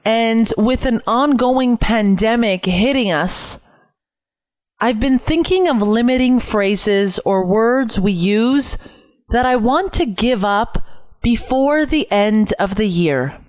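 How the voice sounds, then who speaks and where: A woman's voice: a little high, animated, slow, a little mellow, no echo. A young woman from Canada hosting her own podcast at home, talking earnestly and reflectively, repeating phrases for emphasis. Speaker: podcast host. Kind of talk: solo podcast talk. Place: home room, window open.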